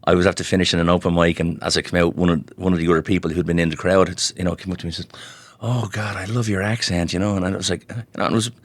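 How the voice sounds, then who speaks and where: A man's voice: low-pitched, flat delivery, very fast, hardly any pauses, no room sound. A middle-aged Irish man, a guest comedian, telling rambling anecdotes in casual chat, full of restarts and "you know". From Ireland. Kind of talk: casual storytelling.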